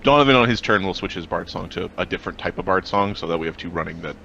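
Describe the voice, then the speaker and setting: A man's voice: deep voice, quick pace, gravelly, pushed and bright, lo-fi sound, slight background noise. A man playing in a tabletop game, chatting casually and drawing out his turns. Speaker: player.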